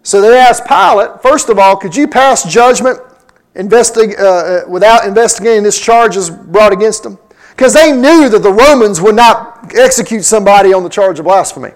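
A man with a high voice preaches a sermon. He walks through scripture verse by verse and acts out the lines he quotes. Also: normal speed, poor audio. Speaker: pastor. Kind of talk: sermon teaching.

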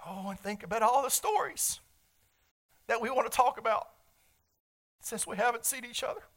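A man's voice: very high-pitched, expressive, moderate pace, a bit bright. A man preaching a sermon as a pastor, earnest and emotional, rising and falling in volume. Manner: earnest, swells and drops in volume, emotional at times.

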